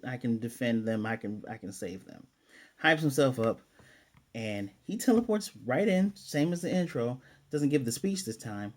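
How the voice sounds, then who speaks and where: A man's voice: medium pitch, darkish tone. A man casually recapping and reviewing an anime episode, rambling and acting out the characters' lines as he goes.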